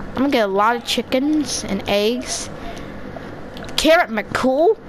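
A woman giving playful, excitable commentary while playing a game, talking to the characters on screen. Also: on the high side, slow, long pauses, background noise. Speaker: gamer. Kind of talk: casual gameplay commentary. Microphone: headset or desk mic.

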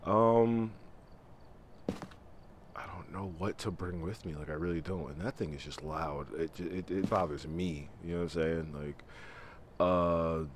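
A man's voice: low-pitched, a little slow. A man streaming a horror game, talking to himself in a nervous, muttering way and sometimes whispering. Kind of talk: casual live-stream commentary. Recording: noisy stream audio with game ambience.

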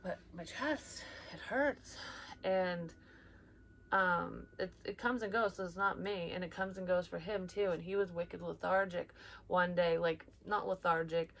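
A woman's voice: lowish voice, steady tone, unhurried, a bit bright, a little hiss or hum. A young woman talking casually as a psychic reader, blunt and rambling, swearing often and sometimes dropping to a whisper. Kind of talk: casual personal chat.

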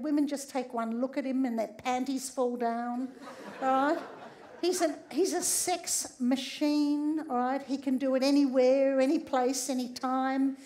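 A middle-aged woman, a sex therapist and doctor, gives a humorous public talk. She tells stories in a lively way and often checks in with "all right?". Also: high voice.

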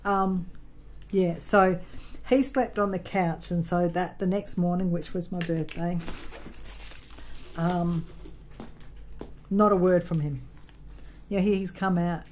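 A woman's voice: lowish voice, fairly even intonation, slow, long pauses, darkish tone, slight background noise, poor audio. An Australian woman vlogging casually at home while crafting, telling a long personal story in a rambling way, with many ums and self-corrections.

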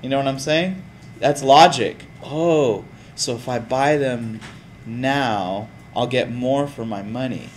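A man teaching a class in a lively, casual way, often putting questions to the students. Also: medium pitch, slow, slight background noise. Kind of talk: classroom lecture.

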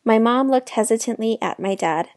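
A woman reading a children's novel aloud with clear storytelling narration. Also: a little high, animated, moderate pace, a little mellow, dry recording, clean studio sound. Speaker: children's book reader.

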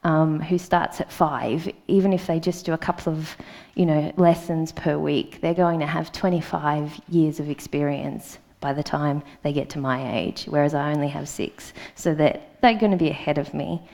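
Low-voiced Australian woman giving a talk. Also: fairly even intonation, moderate pace, creaky, darkish tone. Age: 30s. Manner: hesitant, with frequent ums and uhs. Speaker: conference speaker. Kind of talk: conference talk. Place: conference hall.

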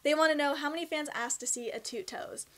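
Bubbly young Canadian woman vlogger with a Canadian accent, high bright voice, expressive casual delivery. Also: brisk. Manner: bubbly, chatty and expressive, with laughs and emphatic swings. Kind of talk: casual Q&A vlog.

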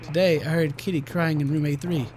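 A man reading out a game's worried, apologetic landlady, talking in halting broken English. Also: fairly high pitch, steady tone, a little mellow, slight background noise, natural voice, rough recording.

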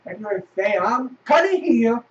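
A man's voice: very high voice, big pitch swings, normal speed. A man commentating his horror game playthrough, cursing and venting frustration at the game. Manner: frustrated, swearing, shouting at the game. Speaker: gameplay video host. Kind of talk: casual let's play commentary. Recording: distant lo-fi mic.

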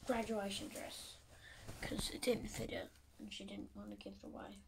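A teenage girl from Australia with an Australian accent, rambling fast and mocking herself in a casual vlog while tidying her bedroom, often dropping to a whisper. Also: medium pitch, sing-song. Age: teens. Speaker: vlogger. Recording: distant phone mic with background hiss.

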